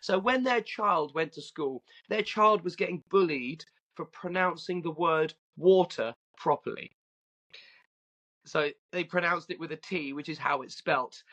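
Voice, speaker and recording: A southern English man in his thirties tells stories as a guest, his accent lightly tinged with Australian vowels. His voice sits a little high for a man, and he talks in an animated way, full of ums and restarts. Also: a little slow. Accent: southern English, slightly Australian. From southern England. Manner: animated storyteller with frequent fillers and restarts. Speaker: guest, stand-up comedian. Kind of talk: casual interview chat.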